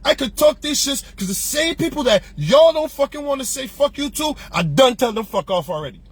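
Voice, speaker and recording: Male, high-pitched, raspy voice, heated opinion rant, profane, slangy storytelling host. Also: expressive, fairly quick, soft background music. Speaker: podcast host. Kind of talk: ranting opinion monologue.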